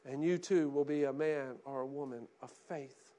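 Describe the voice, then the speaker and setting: A man preaching a sermon as pastor, swinging between hushed pleading and loud impassioned cries. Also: medium pitch, fairly even intonation, moderate pace.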